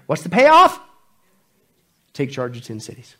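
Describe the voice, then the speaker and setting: A man preaching a sermon, animated and joking, dropping from loud bursts to hushed lines. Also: fairly high pitch, measured pace. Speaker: pastor.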